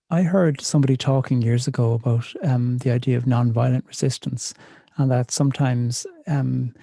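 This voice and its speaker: A man with a Northern Irish accent, a poet reading his poems and telling stories in a slow, measured, reflective way. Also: mid-range voice, gravelly, mellow, slightly rough, no echo. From north of Ireland. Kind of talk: poetry reading and storytelling.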